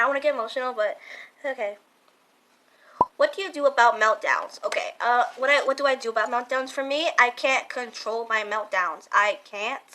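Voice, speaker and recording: A young woman talks to her viewers in a casual question-and-answer vlog, earnest and halting, circling back and repeating her words. Her voice sits a little high and rings bright. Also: poor audio. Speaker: vlogger. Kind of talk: casual Q&A talk to camera.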